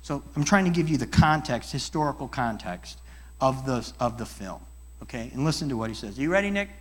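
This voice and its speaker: A middle-aged man and life coach giving a church talk, animated and acting out people's voices as he tells stories. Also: medium pitch, a little fast. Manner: animated, acts out voices in dialogues. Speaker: guest speaker and life coach.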